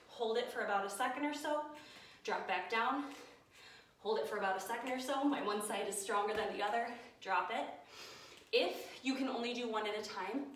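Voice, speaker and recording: A woman's voice: on the high side, fairly bright tone, slight background noise. A woman leading a home workout, upbeat and coaching, counting down each set, recorded by a camera set some distance away in an echoey room. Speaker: fitness instructor. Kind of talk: guided home workout instruction. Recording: echoey room, mic far from speaker.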